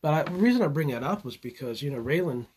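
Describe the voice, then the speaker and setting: A man's voice: fairly high pitch, lively intonation, fast talker, a little mellow, a little hiss or hum. A man hosting his own channel and talking live in a casual monologue. He halts and repeats words often and chuckles as he goes. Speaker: channel host.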